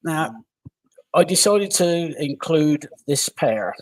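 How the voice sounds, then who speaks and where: Husky man reading a music news list. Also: fairly high pitch, slow pace, low-quality recording. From United Kingdom. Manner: steady list-reading with small asides. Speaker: live stream co-host. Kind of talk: reading a list of deaths and birthdays.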